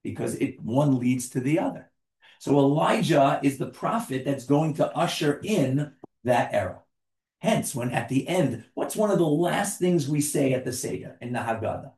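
A man's voice: mid-range voice, animated, moderate pace, darkish tone, echoey room. A man leading an interactive class, who asks the group questions and jokes with them as he explains.

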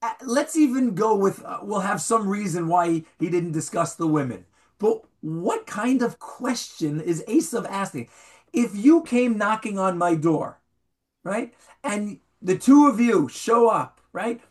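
Brief: male Bible teacher, lively rising and falling delivery, quizzes his class. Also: sits high, unhurried. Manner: animated, questions the students, reads Hebrew aloud. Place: classroom with a small group.

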